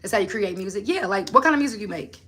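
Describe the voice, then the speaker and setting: A woman hosts a relaxed motivational livestream. Her voice is bright and forward, and her delivery is animated and preachy. She keeps turning to her viewers with pointed questions. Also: mid-range voice, fast. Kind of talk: casual livestream talk.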